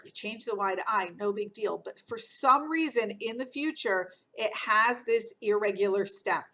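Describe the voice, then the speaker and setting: A woman explaining grammar in a recorded lesson, patient and clear, repeating key points as she goes. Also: mid-range voice, bright, forceful tone, lo-fi sound. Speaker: French teacher.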